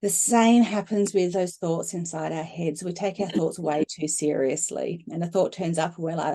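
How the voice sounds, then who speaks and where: Mellow-voiced woman, animated talker. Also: lowish voice, normal speed, hardly any pauses. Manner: animated, acts out inner voices with laughter. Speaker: guest speaker on emotional healing. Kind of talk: conversational talk.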